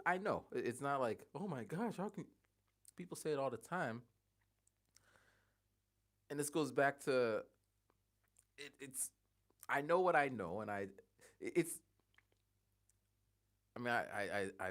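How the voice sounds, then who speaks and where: Halting, rambling man in his forties. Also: mid-range voice, big pitch swings, fairly bright tone. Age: 40s. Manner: rambling, halting, thinks aloud with many restarts. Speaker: livestreamer. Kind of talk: casual livestream chat.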